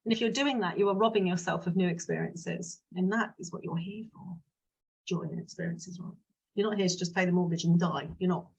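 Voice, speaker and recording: A woman's voice: lowish voice, fairly even intonation, a little fast, creaky, a little mellow, husky. A woman, a business mindset coach talking casually and frankly to her viewers, drifting into side stories. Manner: chatty, frank, digressive. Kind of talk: casual solo talk to viewers.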